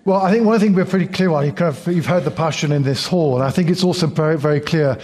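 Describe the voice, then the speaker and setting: A man giving expert analysis on polls, measured and explanatory. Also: fairly high pitch, darkish tone. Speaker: polling expert.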